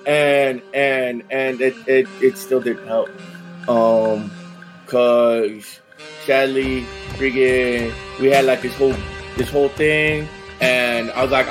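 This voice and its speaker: Swearing slangy bro recapping a game. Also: male voice, mid-range voice, fairly even intonation, takes it slowly, faint music behind. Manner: slangy bro-speak, heavy swearing, constant "like" fillers. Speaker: player recapping a tabletop game session. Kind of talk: casual in-character session recap.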